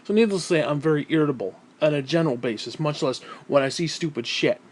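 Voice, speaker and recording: Irritable male vlogger, profane rant, fairly high voice, heavy sighs. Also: quick pace. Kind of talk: angry ranting monologue.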